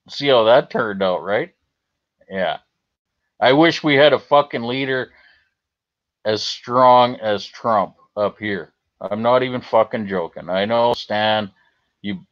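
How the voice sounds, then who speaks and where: Profane, unhurried Canadian man streaming. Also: fairly low pitch. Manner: profane, rambling, reading and answering chat. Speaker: livestream host. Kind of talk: casual livestream chat. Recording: slightly dull lo-fi stream audio.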